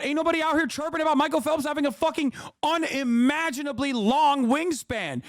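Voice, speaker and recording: A man streaming a heated, profane reaction rant, shouting and mocking as he goes. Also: extremely high pitch, normal speed, no room sound, studio quality.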